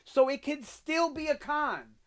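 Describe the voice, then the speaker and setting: Speaking in an extremely high, somewhat bright voice and a bit slowly, a man reviews a TV episode offhandedly. He retells scenes in a rambling way full of fillers and false starts, using a home mic in a room with an echo he comments on.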